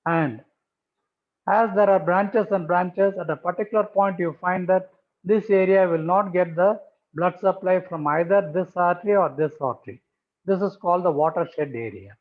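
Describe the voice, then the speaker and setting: A man's voice: high-pitched, moderate pace. A man giving a methodical pathology lecture over slides, repeating key terms for emphasis. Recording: tinny phone-like audio.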